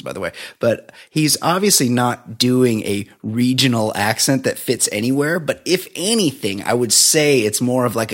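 A man co-hosting a podcast, chatting loosely about a movie. He is sarcastic and profane and laughs often. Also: mid-range voice. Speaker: podcast co-host. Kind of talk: casual movie review chat.

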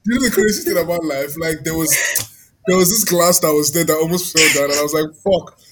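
A man's voice: fairly high pitch, fast. A young man, joking in a mock-dramatic way during a casual podcast chat. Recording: noisy background.

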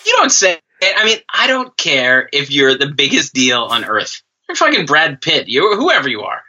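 A man with a sharp, tense voice rants bluntly and swears freely as a podcast co-host. His pitch swings widely, and the recording sounds dull and lo-fi. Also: wildly swooping pitch, normal speed. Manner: ranting, profane, blunt. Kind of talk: casual chat.

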